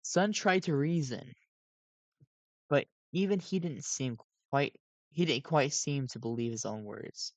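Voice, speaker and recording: A man's voice: a little high, measured pace, dry recording. A sleep-deprived man reading a fan story aloud on a cheap home mic, often stumbling and correcting himself. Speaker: fan reader. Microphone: cheap home microphone.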